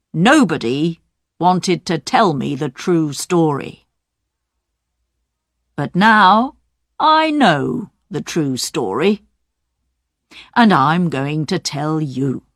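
A woman voicing a methodical male police inspector in an audiobook, deliberate and accusing. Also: on the low side, no echo, studio quality, heavily acted. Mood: stern.

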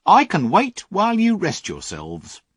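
A man's voice: high voice, huge pitch swings, measured pace, a bit bright, slightly rough, dry recording, pitched above the performer's own voice, heavily acted. A man voicing a kind, firm male cab driver in a storybook reading. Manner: firm and kindly.

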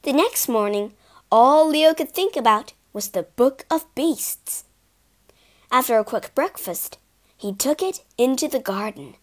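A woman narrating a children's storybook in an expressive, sing-song read-aloud manner. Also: sits high, a little slow.

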